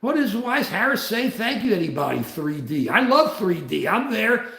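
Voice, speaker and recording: A man's voice: sits high, big pitch swings, normal speed, creaky, bright, forceful tone, reverberant. A man hosting a casual livestream, talking in a worked-up way and reading out viewer comments. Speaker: livestream host.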